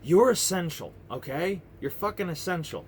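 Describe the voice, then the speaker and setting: A man in his thirties rants into a camera mic, heated and profane, circling back and restarting his sentences. His voice sits a bit high for a man and swings widely in pitch as he gets worked up. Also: expressive, normal speed, slight background noise. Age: 30s. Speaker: vlogger. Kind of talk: ranting political monologue to camera.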